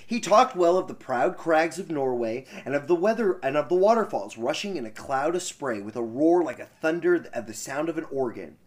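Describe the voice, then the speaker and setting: A man reading a fairy tale aloud on a podcast, breaking off for casual banter and laughing asides. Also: fairly high pitch. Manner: animated, laughing asides, quick voices for characters.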